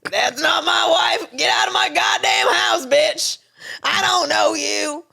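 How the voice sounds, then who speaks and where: A woman voicing Harold, a crude, loud middle-aged husband who yells at his wife. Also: high voice, moderate pace, gravelly, no room sound, some chatter behind, heavily acted. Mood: blustering. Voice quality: shouty, crude.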